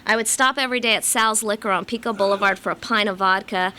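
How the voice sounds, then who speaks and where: Bright, self-mocking woman from Los Angeles. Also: medium pitch, steady tone, fast talker. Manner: wry, self-mocking humor. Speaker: recovery meeting speaker. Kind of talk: personal storytelling talk to a live audience.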